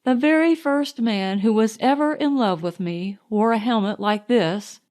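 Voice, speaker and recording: A woman's voice: fairly high pitch, a little slow, darkish tone, close to an everyday voice. A woman reading an audiobook voices a playful young fiancée, eager and mischievous.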